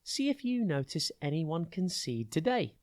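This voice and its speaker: A podcast host teaching children a word a day, reading a scripted lesson that is upbeat and clearly spelled out. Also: mid-range voice, sing-song, measured pace. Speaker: vocabulary tutor and podcast host.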